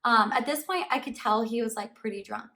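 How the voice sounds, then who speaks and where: A woman vlogger recounts a story straight to her viewers in a relaxed, chatty storytime style, filling her sentences with "like". Her voice sits a little on the high side. She sounds a bit distant, as if the mic were placed some way off. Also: fairly quick. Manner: chatty, fillers of "like" throughout, animated retelling. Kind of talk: casual storytime to camera. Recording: voice somewhat far from the mic.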